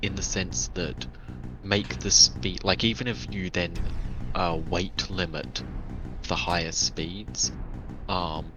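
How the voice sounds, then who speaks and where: A man taking part in a game race, calmly suggesting ideas in casual voice chat with hedging fillers. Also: sits low, slow, music in the background. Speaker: race participant.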